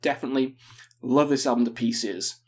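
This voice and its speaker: A man's voice: medium pitch, moderate pace, a little mellow. A man in his thirties chatting casually as a metal music video host, cursing and joking with enthusiasm. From England. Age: 30s. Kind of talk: casual album-review chat.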